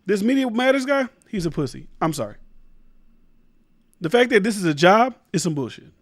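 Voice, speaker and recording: A high-pitched man rants through his own commentary show. He talks emphatically, swears a lot and trips over restarts. The sound is close and dry, with little room echo. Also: sing-song, normal speed. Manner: emphatic, rambling, profane, restarts mid-sentence. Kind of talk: casual opinion commentary.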